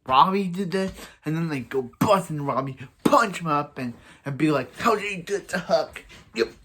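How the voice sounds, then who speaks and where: Rambling, excitable young male fan. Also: medium pitch. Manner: rambling and excitable, often restarting sentences. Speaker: fan reviewer. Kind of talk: casual episode review.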